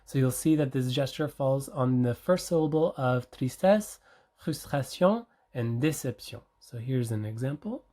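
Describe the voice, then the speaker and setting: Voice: medium pitch, animated, measured pace, warm tone. A researcher giving an academic conference presentation, explaining step by step with frequent fillers and self-corrections.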